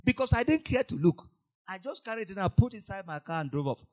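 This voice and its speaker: A man preaching a sermon, emphatic and repetitive, moving between quiet asides and loud cries. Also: sits high, big pitch swings, fast talker.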